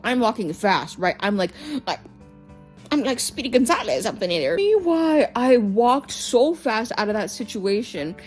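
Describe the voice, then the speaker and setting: A woman in her twenties telling stories to her vlog audience in an animated, chatty way, peppering her talk with "like" and "right?". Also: a little high, moderate pace, soft background music. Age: 20s. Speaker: vlogger. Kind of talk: casual storytelling vlog.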